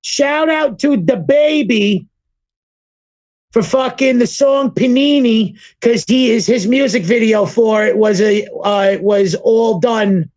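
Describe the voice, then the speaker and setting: A woman's voice: fairly high pitch, takes it slowly, darkish tone. A woman co-hosting a casual podcast chat, blunt and casually profane. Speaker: podcast co-host. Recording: dull, lo-fi dry mic.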